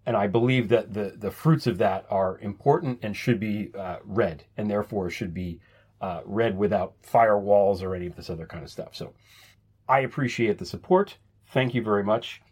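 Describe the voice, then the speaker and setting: Chatty husky man hosting a podcast. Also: lowish voice, moderate pace, darkish tone. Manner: chatty, self-deprecating, repeats words when restarting. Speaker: podcast host. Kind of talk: casual podcast monologue.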